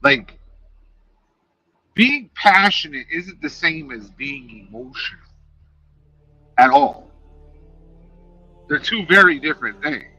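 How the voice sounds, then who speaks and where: A man chatting casually on a live stream, talking in an animated, passionate way and swearing freely, speaking into a headset. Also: on the high side, takes it slowly, pauses often, no room sound, rough recording. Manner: animated, passionate, profane talk.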